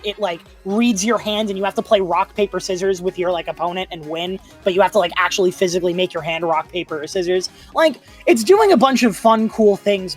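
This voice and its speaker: Rambling panelist full of fillers. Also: medium pitch. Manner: rambling, filler-heavy, laughing easily. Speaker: podcast panelist. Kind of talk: casual panel chat.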